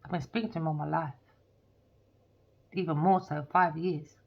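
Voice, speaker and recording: A woman's voice: deep voice, fairly even intonation, normal speed, creaky. A woman, a tarot reader ranting heatedly and swearing in a monologue. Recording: dull lo-fi recording.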